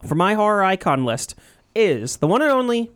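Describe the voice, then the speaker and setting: A man's voice: high-pitched, sing-song, moderate pace, fairly bright tone. A man in a casual chat who argues his opinions emphatically and swears freely.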